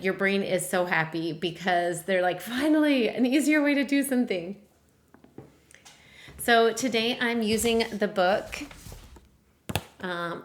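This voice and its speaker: A middle-aged woman speaks to parents in an encouraging, teacherly voice of middle pitch. She models letter sounds and short handwriting chants in a sing-song way as she demonstrates. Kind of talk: instructional demonstration.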